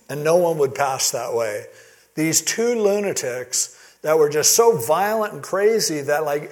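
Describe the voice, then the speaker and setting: A man's voice: on the high side, darkish tone. A man preaching a sermon in a casual, conversational way, acting out the quoted lines with animation. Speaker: pastor.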